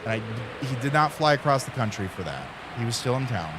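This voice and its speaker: A man's voice: mid-range voice, very animated, a little fast. Streamer guy in his 30s rambling thru a story, um uh everywhere, hissy noisy mic. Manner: rambling, lots of fillers, acts out friends' voices. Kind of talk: casual storytelling chat.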